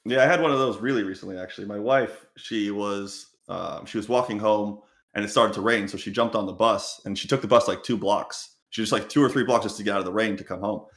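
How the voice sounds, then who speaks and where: This male podcast host, his voice lowish, talks briskly with few pauses in a roomy-sounding space. Chatting casually, he spins animated stories and voices what people said.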